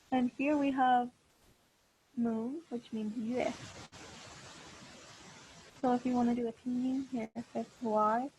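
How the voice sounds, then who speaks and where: A woman's voice: a little high, dark tone, breathy edge, poor audio. A woman teaching a language class online over a video call, patient and encouraging, with many fillers. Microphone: computer mic on a video call.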